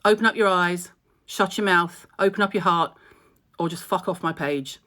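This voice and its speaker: A woman's voice: on the low side, moderate pace, sharp tone. Tearful, outspoken woman. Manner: blunt, outspoken, swears freely. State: tearful and emotional. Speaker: skincare blogger. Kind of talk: direct-to-camera vlog update.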